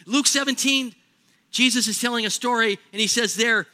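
Bright, high-voiced preaching man. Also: a little fast. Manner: animated, acts out little scenes in other voices. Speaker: pastor. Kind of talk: sermon.

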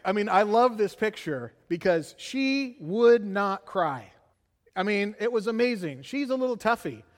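A middle-aged man preaches from the pulpit, his voice pitched high. He tells a personal story with animated energy and tags many lines with "right?". His words ring out in the long reverb of a church sanctuary. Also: measured pace. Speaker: pastor.

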